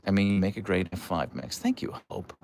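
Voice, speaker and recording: Animated low-voiced man rambling on a stream. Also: fairly quick, a little hiss or hum. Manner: animated, rambling with many asides and restarts. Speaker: livestream host. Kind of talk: casual live-stream chat, reading viewer messages.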